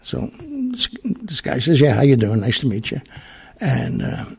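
A man's voice: mid-range voice, huge pitch swings, measured pace, creaky, husky. A man telling a long personal story in a casual, rambling way, with many fillers and restarts.

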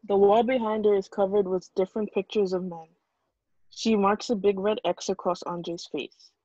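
A woman reading screenplay stage directions in a plain, even way over a video call. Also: medium pitch, no room sound, lo-fi sound.

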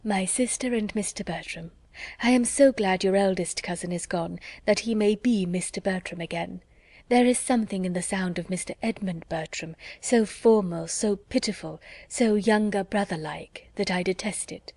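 A witty young society lady from a classic novel, as a woman reads her, arch and playfully teasing. Her lines are spoken in a plain, dry voice of middling pitch. She has no room echo at all. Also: normal speed, darkish tone, lightly acted.

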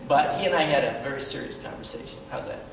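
A man's voice: medium pitch, fast, gravelly. A middle-aged man telling a personal story at a benefit event, earnest and self-deprecating, with hesitant ums. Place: large event hall. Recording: echoey hall, mic far off, faint background noise.

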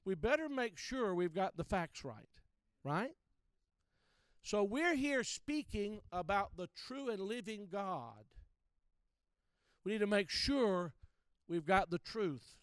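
A man's voice: high-pitched, sing-song, takes it slowly, long pauses, smooth, dry recording. A man preaching a teaching sermon to church workers, emphatic and direct, repeating key phrases to drive them home.

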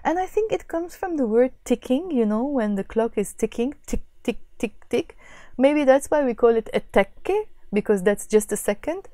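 A woman teaching a language lesson, patiently explaining and repeating phrases slowly. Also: on the high side, lively intonation, warm tone, no echo, studio quality.

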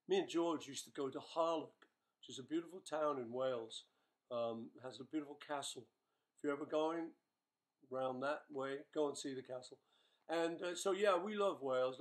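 An older man answering fan questions in a casual live webchat, playful and chatty as he reads each question aloud. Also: on the high side.

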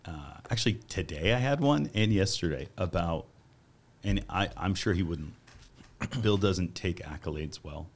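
A man hosting a casual interview, earnest and enthusiastic, quoting others with lively voices. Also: deep voice, moderate pace. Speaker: podcast host.

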